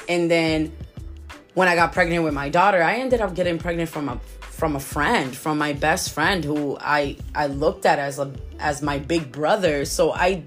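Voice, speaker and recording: Low-voiced woman telling a personal story. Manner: emotional, halting, full of restarts. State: tearful.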